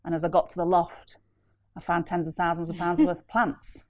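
A woman telling an animated, laughing story as a deal packager on a casual property panel. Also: fairly low pitch, brisk, a crowd in the background. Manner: animated, laughing, acts out voices in her story.

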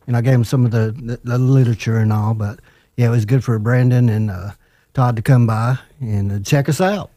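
A man in a relaxed podcast chat, speaking plainly and haltingly. His mellow voice is recorded dry. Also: mid-range voice, no echo. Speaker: podcast regular. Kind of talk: casual studio chat.

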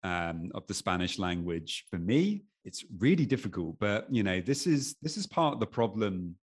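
English guy, lowish voice, kind of halting, lots of ums and restarts, chatty guest. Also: very animated, breathy edge. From England. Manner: halting, with many restarts and fillers. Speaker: podcast guest, anxiety coach. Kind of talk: casual conversation.

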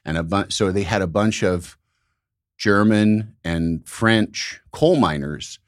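A middle-aged man from Illinois, hosting a podcast and telling rambling, animated stories in casual conversation. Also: on the low side, takes it slowly, no room sound, studio quality. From Illinois, United States. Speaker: podcast host.

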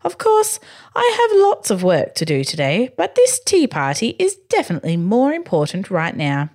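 A woman's voice: mid-range voice, wildly swooping pitch, moderate pace, darkish tone. A woman voicing a playful young father in a bedtime story, putting on a mock-aristocratic manner at a tea party. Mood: posh. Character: playful young dad, gentle and teasing.

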